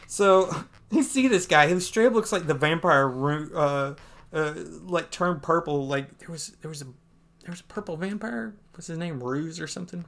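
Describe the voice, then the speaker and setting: A man's voice: a little high, moderate pace, fairly bright tone. A man co-hosting a podcast, casually recapping a comic book with rambling asides, laughs and fillers. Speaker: podcast co-host.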